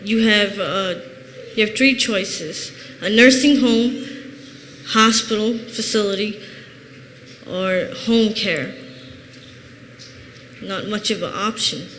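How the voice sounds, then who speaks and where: A woman's voice: medium pitch, takes it slowly, fairly bright tone. Woman from Chicago, thirties, earnest plain-spoken church testimony, long reverb, faint hiss. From Chicago, USA. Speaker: church member giving testimony. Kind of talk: personal testimony.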